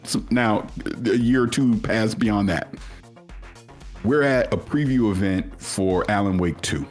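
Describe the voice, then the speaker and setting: A man telling a long personal story in casual chat, animated, acting out what others said. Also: measured pace, faint music behind. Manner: animated storyteller, acts out quoted voices at much higher pitch. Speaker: podcast guest.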